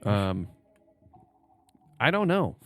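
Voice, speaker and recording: A man co-hosting a casual beer podcast, playful and quick with quips and wordplay. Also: mid-range voice, sing-song, a bit bright, soft background music. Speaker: podcast co-host.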